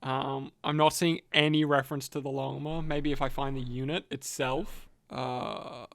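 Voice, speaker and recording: A man's voice: mid-range voice, little pitch movement, normal speed, gravelly, no room sound. A man co-hosting a podcast, telling fantasy lore in a rambling, profane, joking way. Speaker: podcast co-host narrating lore. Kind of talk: casual lore chat.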